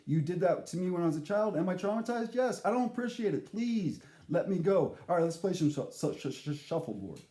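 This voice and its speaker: A man telling a comic story to camera in a rambling, halting, deadpan way. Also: high voice, roomy sound.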